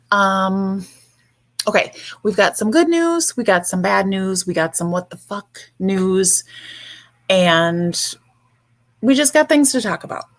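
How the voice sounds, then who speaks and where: A woman hosting a livestream, ranting bluntly and sarcastically with frequent swearing. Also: mid-range voice. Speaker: livestream host.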